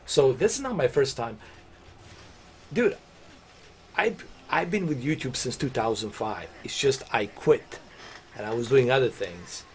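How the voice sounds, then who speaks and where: A man's voice: medium pitch, animated, measured pace, long pauses, a little hiss or hum. Laid-back rambling man streamer. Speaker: gaming streamer. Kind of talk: casual game-stream chat.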